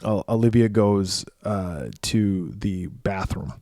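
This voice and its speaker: A man's voice: on the low side, takes it slowly, warm tone, no echo, clean studio sound. A man co-hosting a podcast, recapping a horror film in a rambling, profane way. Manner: profane, rambling retelling with restarts. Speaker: podcast co-host. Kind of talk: casual film recap chat.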